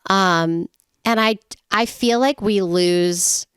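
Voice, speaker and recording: A woman co-hosting a podcast, talking in a quick, chatty way with playful asides. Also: mid-range voice, a bit bright, smooth, no room sound, studio quality. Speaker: podcast co-host. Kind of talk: casual chat.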